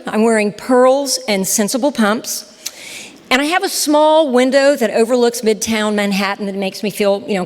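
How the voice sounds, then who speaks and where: A woman, telling her story in a lively, chatty speech to a live audience. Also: a little high. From Southern United States. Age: 60s. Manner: animated, chatty, talks straight to the crowd. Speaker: storyteller and podcast host giving a talk. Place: lecture hall with a live audience. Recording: reverberant hall.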